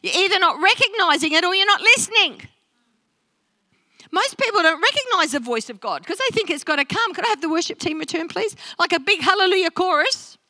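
A woman pastor preaching a sermon in a church, animated and talking straight to the congregation. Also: very high voice, brisk, dry recording. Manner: animated, interactive preaching with acted-out quotes. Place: church service.

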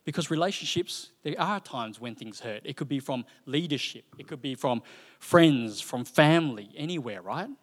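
Male preacher, chatty and animated, slightly high voice, long reverb from a church hall. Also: moderate pace. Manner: conversational, animated storytelling with frequent fillers. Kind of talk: sermon.

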